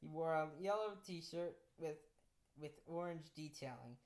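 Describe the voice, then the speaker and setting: A woman reading aloud a story she wrote herself, halting and often restarting. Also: sits low, animated, darkish tone, poor audio. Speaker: author reading own story.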